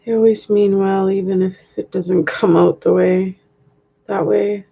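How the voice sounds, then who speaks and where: A woman decorates at home while live-streaming, reading the chat, thanking viewers and laughing often. Her medium-pitched voice is flat, measured, creaky and a bit breathy, captured on a dull lo-fi webcam mic indoors.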